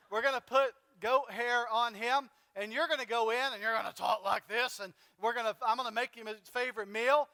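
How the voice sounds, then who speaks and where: A man's voice: high-pitched, pushed and bright, clear, resonant tone, in a large hall. A man pastor preaching a sermon in a conversational way, dramatically retelling a story with fillers. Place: church sanctuary.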